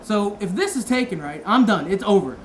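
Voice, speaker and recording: A woman's voice: medium pitch, fairly quick, crowd noise. A woman teaching a martial arts seminar, talking casually, quizzing the class and correcting herself. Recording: roomy echo with steady background noise.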